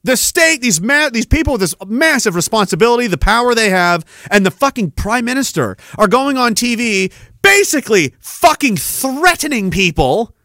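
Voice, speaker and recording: A man's voice: extremely high pitch, sing-song, normal speed, hardly any pauses, sharp tone, dry recording, studio quality. A man hosting a podcast, delivering a heated, profane rant full of emphatic repetition. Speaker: podcast host. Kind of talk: angry political rant.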